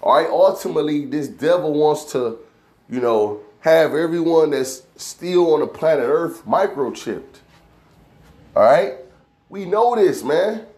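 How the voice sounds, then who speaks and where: A man preaching and reading scripture, tagging "man" onto nearly every phrase and slowing down to read the verses. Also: fairly high pitch, a little mellow, echoey room. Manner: reads verses slowly and deliberately. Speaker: street preacher.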